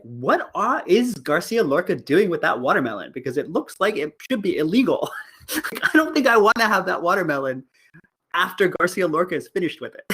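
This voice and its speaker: A middle-aged man teaching a college class in a loose, chatty way. His pitch swoops widely as he jokes, and he stumbles through fillers and restarts, often breaking into laughter. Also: husky, poor audio. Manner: animated, laughing, halting with many fillers. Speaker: college lecturer. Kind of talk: casual online class lecture.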